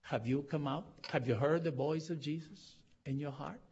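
A man pastor preaching a sermon, impassioned, with non-native phrasing, rising to loud cries. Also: a little high, moderate pace, slightly rough, dull audio. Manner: impassioned, swelling to loud cries on key lines. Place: church auditorium.

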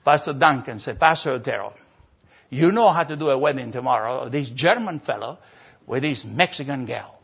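An older man, a pastor telling a story in a sermon, animated and acting out voices. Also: medium pitch, normal speed, gravelly, slightly rough. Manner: animated, acts out voices and laughter. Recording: dull lo-fi sermon recording.

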